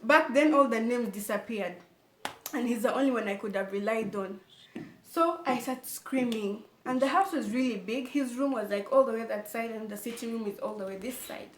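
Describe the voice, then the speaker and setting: A young woman tells a personal story for her vlog, animated and expressive, often turning to her viewers. Her voice sits on the higher side. The recording carries a noticeable room echo. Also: moderate pace. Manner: animated storytelling, repeatedly addressing viewers as guys. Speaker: vlogger. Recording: echoey room.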